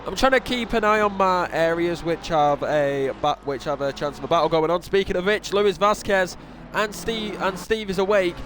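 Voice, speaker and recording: A young man with a high voice calls a sim race live in a loose, casual way, restarting sentences and poking fun at himself. A faint hum sits behind him. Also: expressive, normal speed, a bit bright. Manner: casual, self-deprecating, with restarts and exclamations. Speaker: race commentator. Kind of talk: sim racing commentary.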